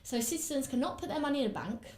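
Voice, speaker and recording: A woman's voice: sits high, lively intonation, racing, a little mellow. Chatty Essex woman in a roomy space. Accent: Essex English. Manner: chatty, rambling, with frequent fillers. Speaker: podcast host. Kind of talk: casual podcast chat while doing makeup.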